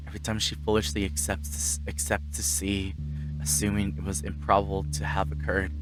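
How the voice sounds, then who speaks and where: A man reading a visual novel aloud on stream, narrating and reacting in a lowish voice. Guitar music plays clearly underneath him. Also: level tone, brisk.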